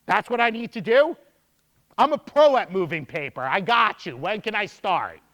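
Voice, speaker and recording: High-voiced man giving a motivational speech. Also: moderate pace. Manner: energetic storytelling with emphatic repetition. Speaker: speaker addressing students.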